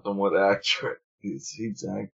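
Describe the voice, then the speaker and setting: A man's voice: lowish voice, a little fast, creaky, fairly bright tone, dull audio. A man co-hosting a casual chat in a laid-back drawl.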